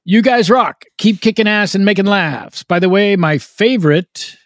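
A man's voice: sits high, normal speed, no echo, studio quality. A man hosting a comedy podcast, chatting casually and reading out listener mail, often interrupting himself. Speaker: podcast host.

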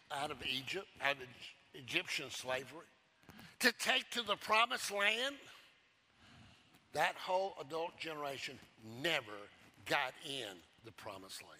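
Preaching with emphasis and plenty of repetition, this pastor moves from booming proclamations to quiet, low-spoken lines.

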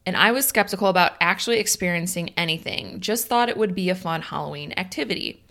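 A woman's voice: fairly low pitch, fast talker, creaky, a bit bright. A woman with a Chicago accent co-hosting a casual podcast, chatting and reading a listener's story aloud with easy laughs and short dry replies. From Illinois. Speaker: podcast co-host.

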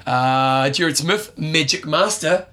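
A man co-hosting a podcast, rambling through jokes and quick asides in casual chat. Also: on the high side, fairly bright tone. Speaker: podcast co-host.

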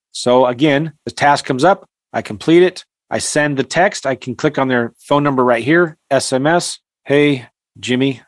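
A middle-aged man teaches investors over a video call, walking through software step by step in a blunt, repetitive way. His voice sits at an ordinary pitch. The sound is dry and close. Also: no room sound. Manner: direct, repetitive, drops "boom" as he clicks. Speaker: real estate investing coach. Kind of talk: live screen-share software tutorial.

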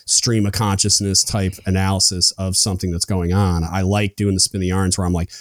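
Young male podcast host, very low pitch, close dry sound, loose rambling talk. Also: flat delivery, fairly quick, no echo. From United States. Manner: rambling, lots of fillers and restarts. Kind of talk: casual chat.

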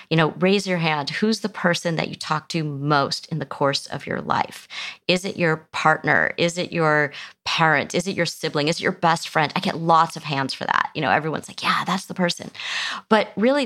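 A middle-aged woman speaks in a low, gravelly voice as a therapist guest in a conversational interview. She explains her points earnestly, often restarting her sentences, and acts out the voices of the people she quotes. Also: fairly bright tone. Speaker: psychotherapist and author guest.

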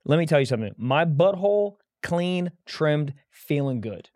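A man's voice: a little high, animated, normal speed, darkish tone, no room sound. Man, podcast co-host, jokey ad read, laid-back, says dude, dry sound. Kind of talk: casual podcast chat and ad read.

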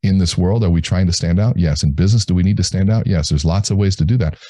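Interview guest, male, deep voice, measured and deliberate in telling stories. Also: dark tone, no echo. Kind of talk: storytelling in a podcast interview.

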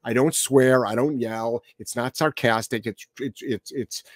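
A man's voice: mid-range voice, fairly even intonation, measured pace, no room sound. Blunt, profane male dog trainer. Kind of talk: podcast Q&A.

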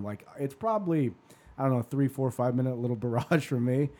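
Mellow-voiced man telling a story, swearing freely. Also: medium pitch, fairly quick. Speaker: podcast host. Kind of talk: casual storytelling.

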